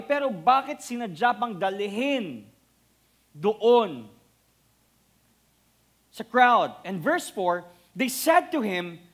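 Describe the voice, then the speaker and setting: A young man with a Filipino accent preaching an animated sermon, mixing Tagalog and English. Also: high voice. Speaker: pastor.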